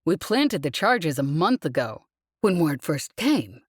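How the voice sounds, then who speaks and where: A weary woman leading a demolition crew, voiced by a female narrator cracks dry jokes about government paperwork. Her voice sits low and unhurried. The recording is close and dry. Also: sing-song, slightly rough, dry recording, exaggerated voice. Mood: wry. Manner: dry, joking about bureaucracy.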